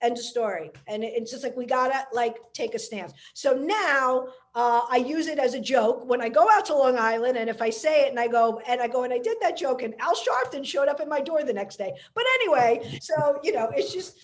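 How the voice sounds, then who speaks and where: A woman comedian, telling a story in casual podcast chat, animated and chatty. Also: sits high, fairly quick, hardly any pauses.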